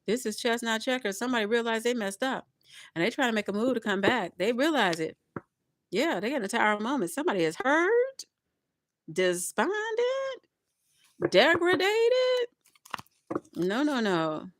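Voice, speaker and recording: A woman giving a casual tarot reading to her viewers, chatty and expressive, often laughing and speaking to spirit. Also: a little high, a little fast, no echo, clean studio sound. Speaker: tarot reader.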